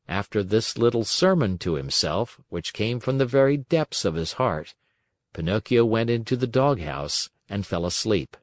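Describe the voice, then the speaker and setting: A man reading a children's classic aloud as an audiobook narrator, in a gentle, even storytelling manner. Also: fairly low pitch, normal speed, no echo, studio quality.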